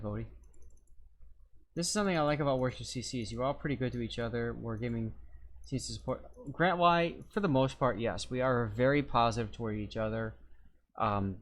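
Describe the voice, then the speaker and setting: A man streaming a naval game live, reading chat aloud and working through armor math step by step in a casual, talkative way. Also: medium pitch. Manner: chatty, explains step by step, reads chat aloud.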